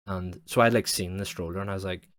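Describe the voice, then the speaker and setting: A young man with a deep voice rambles through a story on his podcast. He swears freely and fills nearly every pause with "like". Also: fairly even intonation, fairly bright tone. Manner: rambling, sweary, heavy use of "like". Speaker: podcast host. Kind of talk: casual storytelling monologue.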